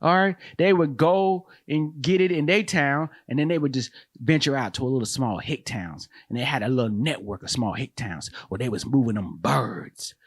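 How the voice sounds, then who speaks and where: A man's voice: mid-range voice, normal speed, few pauses, slightly rough. A man hosting a comedic solo commentary, loose and slangy, who keeps calling listeners man and bro and laughs at his own jokes. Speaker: host and comedian.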